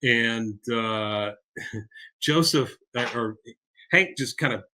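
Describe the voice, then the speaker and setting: A man co-hosting a podcast, recapping an episode in casual, animated chat. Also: mid-range voice, slow. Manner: animated, acts out quotes. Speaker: podcast co-host.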